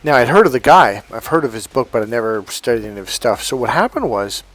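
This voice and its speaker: A man's voice: mid-range voice, lively intonation, fast, a bit bright. A man working as a dating coach, telling a story to camera in a blunt, casual way with heavy swearing.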